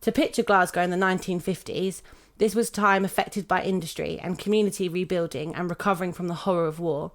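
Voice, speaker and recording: British woman reading a podcast script. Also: on the low side. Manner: steady, measured reading, laughing now and then. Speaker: podcast host.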